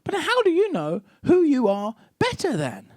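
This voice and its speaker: A man's voice: extremely high pitch, wildly swooping pitch, moderate pace, crowd noise. A young Scottish man doing a stand-up comedy set on a club stage, sardonic and punchy.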